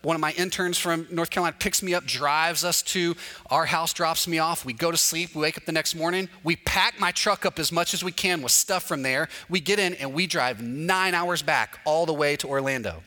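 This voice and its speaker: A man's voice: on the high side, normal speed. A man, a pastor, telling a humorous personal story in a sermon and acting out the dialogue. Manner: animated, acts out dialogue with humor. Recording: long reverb of a large hall.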